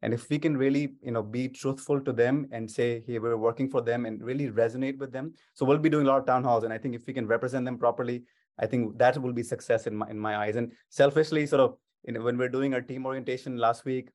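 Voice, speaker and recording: A man's voice: mid-range voice, fairly even intonation, quick pace, darkish tone. A man, a state legislator, answering interview questions over a video call in an upbeat, eager way, with many restarts.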